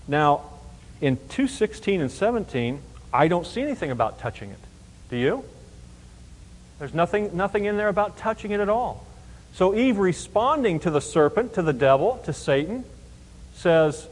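A man's voice: on the high side, very animated, normal speed. Man teaching scripture in a reverberant hall. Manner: emphatic, explains verse by verse with rhetorical questions. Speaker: Bible teacher. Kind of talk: Bible teaching sermon.

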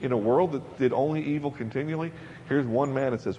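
A man's voice: medium pitch, quick pace, vocal fry, darkish tone, a little hiss or hum. A man preaching a sermon to a congregation in a chatty, emphatic way, repeating words for stress. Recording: dull lo-fi recording in a large hall.

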